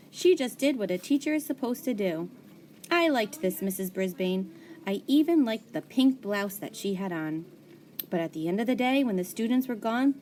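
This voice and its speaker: A woman reads a children's chapter book aloud with lively, expressive storytelling. Her voice sits at a middle pitch. The delivery is animated and clear, as if reading to young listeners. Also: a little hiss or hum. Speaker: audiobook reader.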